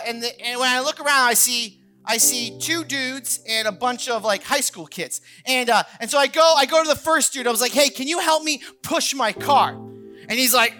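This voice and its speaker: A man in his thirties preaches with an animated, storytelling manner, slipping into the voices of the people he quotes. His tone is bright and forceful. Soft music plays behind him. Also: very high voice. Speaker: pastor. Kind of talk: sermon with personal story.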